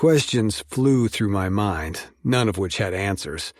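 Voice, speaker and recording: A male audiobook narrator reading in a measured, steady first-person voice. His pitch sits low and his pace is unhurried, recorded dry and close. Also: dry recording.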